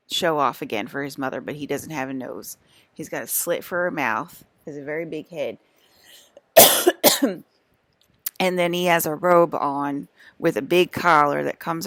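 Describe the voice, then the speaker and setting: A woman's voice: deep voice, fairly bright tone, no echo. A young woman vlogger in a rambling monologue to camera, scolding and exasperated, repeating herself with lots of fillers.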